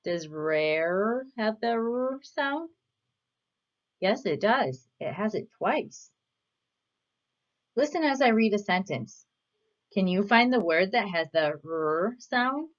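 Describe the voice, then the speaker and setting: A woman leads a children's reading lesson at a very slow, deliberate pace, pausing after each question. Her words are spaced out and clearly spoken. The recording sounds slightly dull and lo-fi. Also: medium pitch, big pitch swings. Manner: patient, asks questions and pauses for answers. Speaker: reading teacher.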